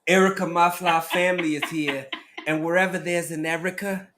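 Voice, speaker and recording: A man co-hosting a casual livestream chat, joking and bantering playfully with his co-host and greeting viewers in a relaxed, slangy way. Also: fairly high pitch, moderate pace.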